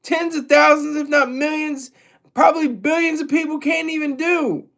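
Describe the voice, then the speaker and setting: A man's voice: very high voice, fairly even intonation, normal speed, gravelly, sharp tone. A man streaming a crude, mocking, rambling commentary rant.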